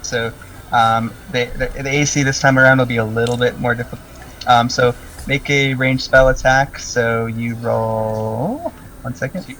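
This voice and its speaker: A man running a tabletop game as game master, relaxed and chatty. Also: mid-range voice, unhurried, far from the mic, slight background noise, poor audio.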